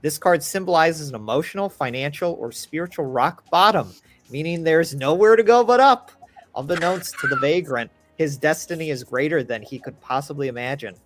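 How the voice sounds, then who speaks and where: A man's voice: on the high side, normal speed. A man on a livestream, reading a tarot card's meaning aloud in a theatrical way that swings from pleading to mournful. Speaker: cast member on a livestream.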